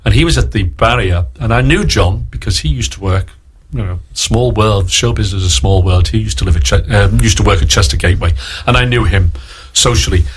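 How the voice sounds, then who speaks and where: Husky Liverpool man spinning long yarns. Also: lowish voice, brisk. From Liverpool, England. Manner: rambling storyteller who acts out other people's lines. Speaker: guest actor. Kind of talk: anecdotal radio interview.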